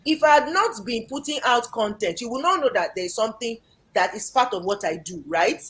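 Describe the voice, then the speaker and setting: A woman with a Nigerian accent speaking as an energetic, emphatic guest in an interview. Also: fairly high pitch, fairly quick. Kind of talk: lively interview talk.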